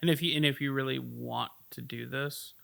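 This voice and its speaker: A man co-hosting a casual chat, agreeable and quick to chime in, often talking in broken fragments. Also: mid-range voice, fairly even intonation, vocal fry, a bit bright. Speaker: podcast co-host, label manager.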